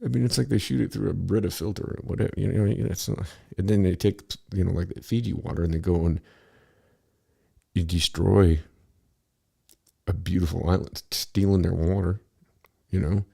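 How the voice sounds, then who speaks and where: Deep gravelly man rambling and swearing. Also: fairly even intonation, normal speed, mellow. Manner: rambling, profane, easily sidetracked. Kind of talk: casual storytelling.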